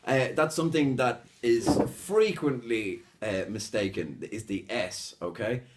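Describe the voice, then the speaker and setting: A man's voice: medium pitch, measured pace, noisy background. A man from Spain teaching English pronunciation in a casual two-person lesson, switching between English and Spanish and acting out example sounds. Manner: animated, demonstrates sounds with exaggerated examples. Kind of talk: bilingual language lesson chat.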